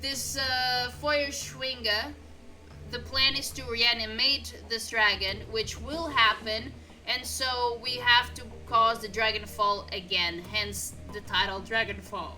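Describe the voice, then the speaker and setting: A woman's voice: on the high side, steady tone, slow, sharp tone, soft background music. A woman streamer giving casual let's-play commentary, incredulous and swearing, with stumbling restarts.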